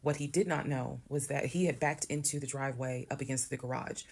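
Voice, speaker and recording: A woman's voice: very deep voice, steady tone, fairly quick, vocal fry, darkish tone. A woman telling a personal story in a casual, blunt, conversational way, cursing now and then. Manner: conversational, blunt, swears while retelling.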